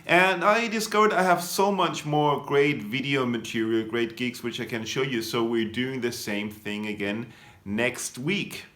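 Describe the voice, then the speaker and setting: A man's voice: mid-range voice, steady tone, a little slow, fairly bright tone. A man hosting a comedy show, casually talking to viewers in a loose, rambling way and chuckling at his own slips.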